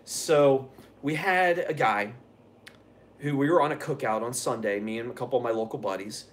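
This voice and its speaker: Here the streamer's medium-pitched voice moves at a moderate pace as he answers chat. Laughing frequently, he drifts through loosely told, profanity-laced stories in a relaxed, chatty way.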